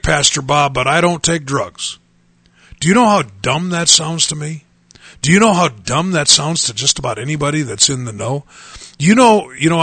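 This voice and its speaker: A man's voice: medium pitch, vocal fry, bright, forceful tone, husky, dry recording. A man in his fifties, a pastor and radio host, preaching a testimony in an earnest, emphatic way, repeating phrases for stress. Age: 50s.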